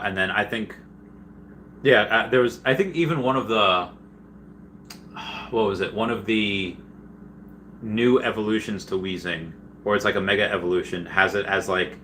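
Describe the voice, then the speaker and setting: Excitable man rambling on a livestream. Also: lowish voice, a little hiss or hum. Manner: excitable, rambling, trails off mid-thought. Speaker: livestream host. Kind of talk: casual livestream chat reading comments.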